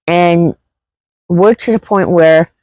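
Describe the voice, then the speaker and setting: A woman's voice: fairly low pitch, takes it slowly, a little mellow, no echo, poor audio. A middle-aged woman vlogger telling a personal story in a rambling, heartfelt way, full of fillers and restarts. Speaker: homesteading vlogger.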